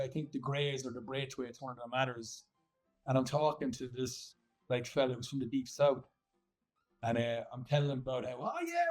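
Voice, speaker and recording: A man from Ireland with a softened Irish accent, chatting casually as an interview guest, rambling with fillers and restarts. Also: medium pitch, poor audio. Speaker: guest actor.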